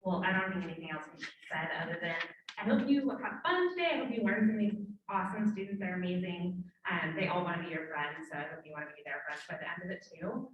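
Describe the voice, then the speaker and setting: A woman's voice: lowish voice, quick pace, muffled recording, a little hiss or hum. A woman who directs student engagement, welcoming students in an upbeat, joking way. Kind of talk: casual welcome remarks. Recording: very echoey room from far off.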